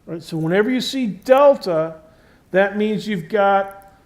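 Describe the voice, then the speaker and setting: In a conversational classroom manner, a man delivers a university physics lecture at a measured pace. His high-pitched voice is animated, and he stresses key terms as he explains, frequently checking in with the class.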